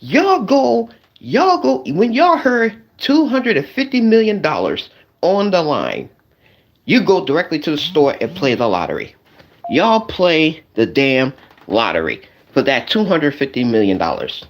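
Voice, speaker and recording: A man's voice: on the high side, a little slow, highs cut off. A man streaming live, ranting in a comedic way to his chat, repeating his points and calling out his audience directly. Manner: animated, repetitive, addresses the audience directly.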